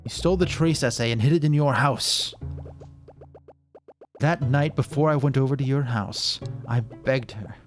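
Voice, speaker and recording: A man voicing an older male scientist who calmly confesses to a killing, in a slow, flat delivery. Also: mid-range voice, soft background music, close to an everyday voice. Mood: cold confession. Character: older male scientist, calm cold killer.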